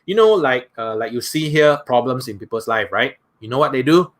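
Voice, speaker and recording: A man's voice: mid-range voice, animated, fairly quick. A man with a Malaysian English accent giving a conversational seminar talk as a motivational speaker, often asking the audience questions.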